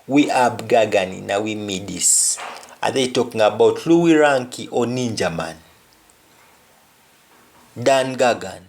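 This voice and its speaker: Man, Jamaican accent, unhurried teaching delivery, repeats key words, lesson. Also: on the low side, lively intonation, darkish tone. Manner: deliberate, repeats example words. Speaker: language teacher. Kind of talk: language lesson.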